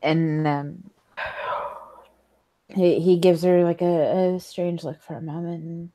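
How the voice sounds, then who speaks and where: A woman's voice: on the low side, fairly even intonation, slow, long pauses, warm tone. A woman narrating a tabletop game as game master, hesitant and full of fillers. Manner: hesitant, full of likes and ums.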